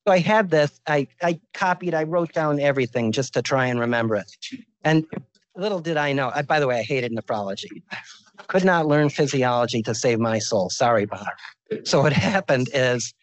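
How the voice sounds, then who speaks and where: A man's voice: mid-range voice, moderate pace, poor audio. A man in his sixties giving a medical lecture as a visiting professor, informal and joking, telling stories from his career.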